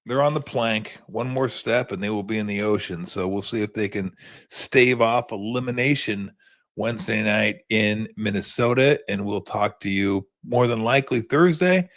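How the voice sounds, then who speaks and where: A man's voice: on the low side, normal speed, fairly bright tone. A man in his fifties hosting a sports show, telling rambling stories in a laid-back, casual postgame chat.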